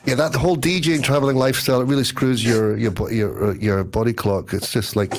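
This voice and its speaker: Fast-talking London man, joking. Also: mid-range voice, steady tone. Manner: joking, chatty. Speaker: guest DJ. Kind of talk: casual chat.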